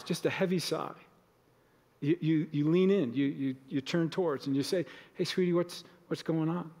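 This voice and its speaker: A man's voice: a little high, a little mellow, big-room sound. A male pastor giving a conversational sermon in a church, sometimes acting out short everyday exchanges. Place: church sanctuary.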